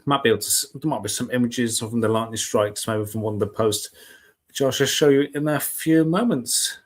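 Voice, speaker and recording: A man's voice: mid-range voice, fairly quick. A man hosting a casual live weather chat show, talking in a chatty, rambling way and often correcting himself mid-sentence.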